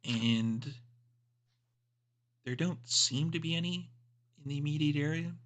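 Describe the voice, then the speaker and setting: A man's voice: on the high side, measured pace, fairly bright tone. A man narrating a tabletop game as game master, describing scenes in a loose, rambling way.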